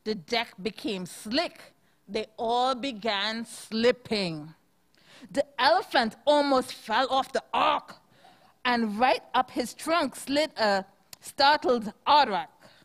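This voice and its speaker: A woman reading a rhyming picture book aloud to children at a church service, in a slow sing-song manner, pausing to ask them questions. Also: fairly high pitch, animated.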